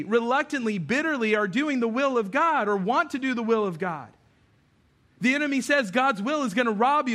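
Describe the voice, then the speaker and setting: Bright-voiced, animated male pastor preaching. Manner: animated, shifts between loud emphasis and low intimate tones. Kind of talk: sermon. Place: church sanctuary.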